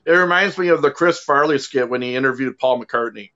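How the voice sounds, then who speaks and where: A man's voice: medium pitch, fairly quick, sharp tone, highs cut off. A man chatting casually on a video call, chiming in with dry jokes.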